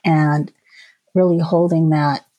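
Soft-spoken reflective woman, lower voice. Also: flat delivery, takes it slowly. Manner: hesitant, many restarts and ums. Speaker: podcast guest. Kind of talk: casual reflective conversation.

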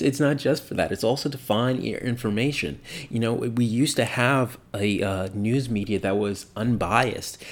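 A man talking casually about his opinions, rambling, full of fillers and restarts, and swearing bluntly. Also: lowish voice.

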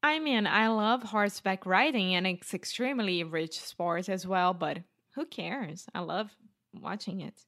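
Slow-speaking Brazilian woman. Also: mid-range voice, fairly bright tone. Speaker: podcast co-host. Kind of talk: casual chat.

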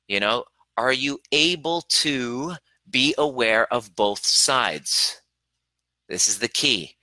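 A man's voice: fairly low pitch, expressive, unhurried, bright, forceful tone, no echo, poor audio. A man coaching a live online workshop on boundaries, blunt and swearing freely, acting out the voices in his head. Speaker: relationship coach.

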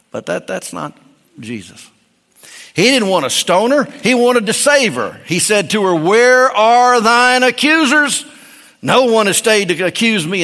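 Male pastor, higher voice, dynamic sermon delivery, long hall reverb. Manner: swings from loud emphatic highs to hushed lows.

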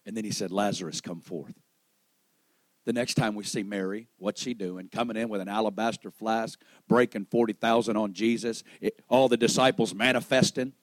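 A man preaching a sermon to a church service, swinging between loud, raised peaks and hushed, low lines and acting out the voices of the people in his story. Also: fairly even intonation, fairly quick, few pauses, no room sound, poor audio. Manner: acts out quoted voices in storytelling.

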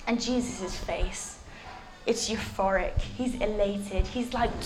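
A woman preaching a sermon with lively, animated storytelling. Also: medium pitch, measured pace.

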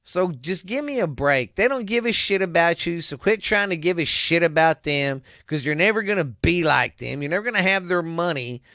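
A man with a slightly high voice pours out a profane, rambling rant at the close of his show. He swears in nearly every sentence and keeps circling back to how irritated he is. The sound is dry and close, with no room around it. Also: animated, normal speed, hardly any pauses, pushed and bright, no echo. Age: adult with children. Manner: swears constantly, rambling and heated. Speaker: show host. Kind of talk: angry profane rant to listeners.

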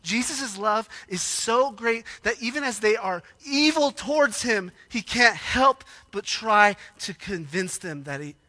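A man preaching a sermon, emotional and animated, acting out quoted lines with rising intensity. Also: high-pitched, unhurried, hardly any pauses, no room sound. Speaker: pastor.

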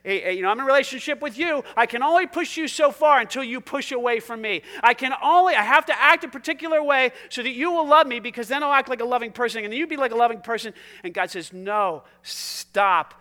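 A man preaching a sermon as pastor, passionate, swinging between loud emphasis and hushed, almost whispered lines. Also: very high-pitched, animated, fast, hardly any pauses.

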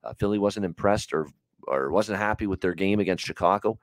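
Deep-voiced male podcast host. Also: brisk, no echo. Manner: rambling, filler-heavy, conversational. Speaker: sports betting show host. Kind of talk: solo podcast analysis.

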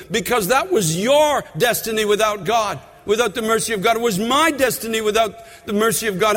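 Very high-voiced man preaching in a hall. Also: fairly quick, hardly any pauses. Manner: impassioned, repeats questions, builds to shouts. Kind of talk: sermon. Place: church. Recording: long reverb of a large hall.

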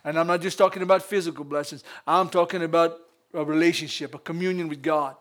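Louisiana pastor, high-pitched male voice, lively preaching style. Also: quick pace. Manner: lively preaching with frequent laughs and call-outs to the congregation. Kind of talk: sermon.

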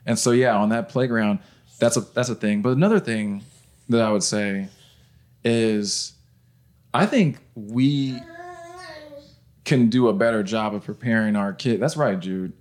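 A man's voice: on the low side, unhurried, pauses often, a little mellow. A man co-hosting a casual parenting podcast, chatty, laughing often and restarting his sentences. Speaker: podcast co-host. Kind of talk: casual chat.

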